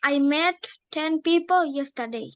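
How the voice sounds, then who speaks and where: A woman's voice: high-pitched, measured pace, a bit bright, lo-fi sound. A woman studying English, answering drill questions in careful full sentences. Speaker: English student.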